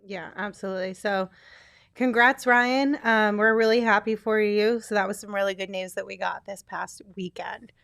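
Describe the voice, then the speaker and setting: A woman's voice: medium pitch, steady tone, normal speed, creaky, a bit bright, clear, resonant tone, dry recording, clean studio sound. A woman hosting a casual sports talk show, signing off with upbeat, teasing banter. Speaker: show host.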